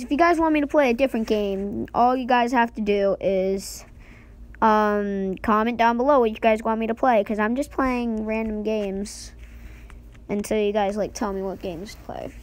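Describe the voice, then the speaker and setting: A woman hosting a gaming channel, giving excitable, casual commentary and chatting to viewers. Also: on the high side, normal speed. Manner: excitable, talks to viewers as "guys".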